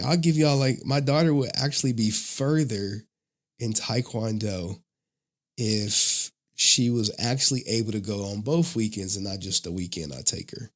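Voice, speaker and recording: A man hosting a livestream, chatting casually to his viewers, loose and slangy, often laughing. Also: fairly low pitch. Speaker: livestream host.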